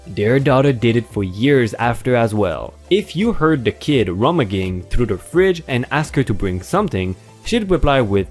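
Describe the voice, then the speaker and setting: Animated man reading online stories. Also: mid-range voice, normal speed, few pauses, soft background music. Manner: hyped, animated delivery. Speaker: story channel host.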